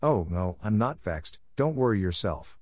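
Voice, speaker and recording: A man's voice: on the low side, very animated, measured pace, a little mellow, no room sound, studio quality. A man reading the lines of a blunt, outspoken older village woman in an audiobook. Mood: offended. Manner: outspoken, disapproving.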